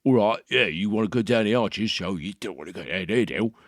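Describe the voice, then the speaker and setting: A man's voice: low-pitched, normal speed, vocal fry, pushed and bright, no echo, studio quality, exaggerated voice. A man doing a brash cockney tough guy. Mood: swaggering.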